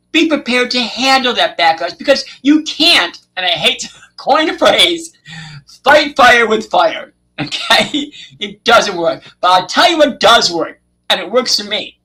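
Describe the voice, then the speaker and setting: A man co-hosting a podcast, chatting casually and telling stories with drawn-out emphasis and frequent "okay?" checks. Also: high voice, lively intonation, sharp tone, poor audio. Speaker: podcast co-host.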